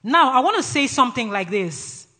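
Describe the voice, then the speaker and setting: A man with a Nigerian accent preaching a sermon in a brash, forceful way. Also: extremely high pitch, sing-song, moderate pace. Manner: brash, forceful, laughs often between phrases.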